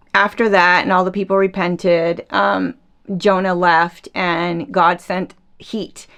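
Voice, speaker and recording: A woman hosting a casual faith podcast, retelling a Bible story in a chatty, animated way and acting out the quotes. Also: on the low side, gravelly. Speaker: podcast host.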